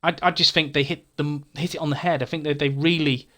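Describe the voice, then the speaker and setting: A man's voice: a little high, fairly even intonation, fairly quick, sharp tone. A man hosting a gaming channel, casually answering viewer comments in a frank, chatty way, often stumbling and repeating words.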